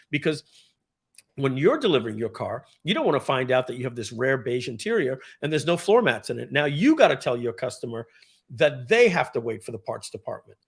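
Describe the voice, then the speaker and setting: On a live video, a former car dealership general manager tells a casual story, often clearing his throat and wandering off into rambling asides. His voice sits at a medium pitch.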